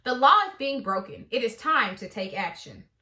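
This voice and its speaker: A woman voicing a pompous, loud male police officer who talks formally. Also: on the high side, animated, normal speed. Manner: pompous, asks and answers himself. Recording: echoey room.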